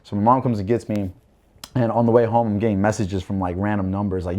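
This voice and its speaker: A man's voice: lowish voice, fast. A young man, a podcast guest telling a personal story casually, with lots of fillers and acted-out quotes. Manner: animated storytelling, acting out quoted voices, many fillers.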